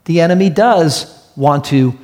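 Slightly slow and a little mellow, this pastor's voice sits on the high side. Earnest and full of stories, his sermon to the congregation repeats key phrases for emphasis, delivered in a church hall with an audience and heard through long hall reverb.

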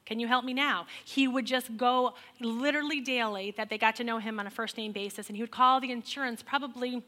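Bright, animated woman telling a testimony. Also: on the high side, fairly quick. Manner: animated and exasperated, acts out quoted people. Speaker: speaker sharing a personal testimony. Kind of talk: humorous storytelling testimony to an audience.

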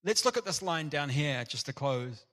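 A man preaching an earnest, animated sermon in a church. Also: fairly high pitch, normal speed. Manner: earnest, animated, acts out parable voices.

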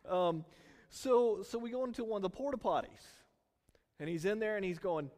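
A middle-aged man preaching a sermon in a church, in a conversational, animated storytelling manner. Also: high voice, normal speed, big-room sound. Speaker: pastor.

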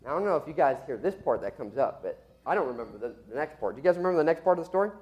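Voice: mid-range voice, very animated, very fast, darkish tone, lo-fi sound. Chatty storyteller sharing a sermon illustration. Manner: chatty, laughing, self-deprecating. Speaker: speaker telling a story to a group.

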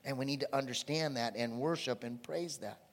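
A man preaching a sermon as pastor, with sudden loud animated bursts. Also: mid-range voice, brisk. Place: church sanctuary. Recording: long reverb of a church hall.

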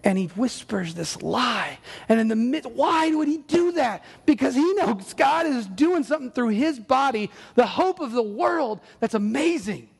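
A male pastor preaching a sermon in an earnest, conversational way with animated asides. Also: very high voice, a little slow, gravelly, few pauses, slightly rough. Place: church sanctuary. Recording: long church hall reverb.

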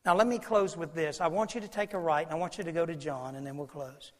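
A man preaching a sermon as pastor, emphatic and preacherly, swinging from loud declarations to low, intimate asides. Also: fast talker. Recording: long reverb of a large hall.

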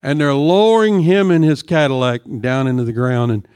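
A middle-aged man preaching a sermon, telling stories in a rambling, halting way with many fillers, then leading a prayer. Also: mid-range voice, darkish tone, clear, resonant tone, no room sound, clean studio sound.

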